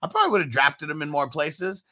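Guy reading out chat comments on a fantasy football stream, sharp bright voice, laughs a lot. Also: a little high, fast. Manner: laughs often, excitable, profane. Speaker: co-host reading viewer comments.

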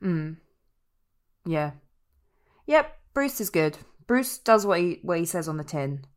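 A woman's voice: on the low side, sing-song, takes it slowly. A woman co-hosting a podcast, jokey and opinionated in casual chat, with casual swearing. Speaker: podcast co-host.

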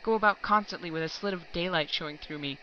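A woman reading aloud voices an angry, pompous male laboratory chief who shouts heatedly in bursts. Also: fairly low pitch, moderate pace, dull audio, slight background noise. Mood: furious.

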